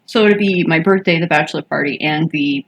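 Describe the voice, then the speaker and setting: Husky young woman chatting casually. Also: low-pitched, a little fast. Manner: laid-back, swears freely, laughs often. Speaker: podcast co-host. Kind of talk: casual podcast chat.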